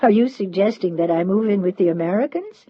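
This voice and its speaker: A woman reading the part of a weary, guarded young woman, speaking in a quiet, restrained way. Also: mid-range voice, a little fast, husky, no room sound, lo-fi sound, voice pushed up, lightly acted.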